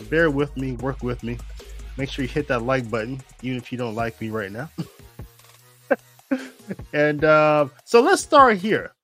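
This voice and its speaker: A man's voice: mid-range voice, a bit bright. A man hosting a casual livestream show, rambling and chuckling at himself, groggy from a nap. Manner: rambling, self-deprecating, chuckling. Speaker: show host. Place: home studio in Germany.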